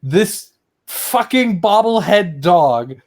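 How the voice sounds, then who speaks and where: A man runs a casual live stream. His voice sits a little high for a man. He reads out viewer questions, laughs easily and swears without a second thought. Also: animated, slow pace. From Germany. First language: German. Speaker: streamer host. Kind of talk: casual chat.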